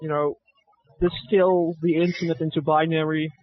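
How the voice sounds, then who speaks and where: A man's voice: fairly high pitch, little pitch movement, moderate pace, no echo, faint music behind. A man co-hosting a casual banter podcast, rambling and self-mocking, on dull lo-fi audio. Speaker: podcast co-host. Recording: dull lo-fi stream audio with faint noise.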